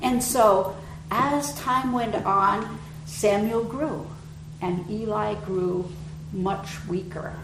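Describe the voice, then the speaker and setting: Unhurried woman preacher in an echoey church. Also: mid-range voice, a little hiss or hum. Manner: gentle, unhurried retelling with soft dips in loudness. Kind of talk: sermon storytelling. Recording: echoey room.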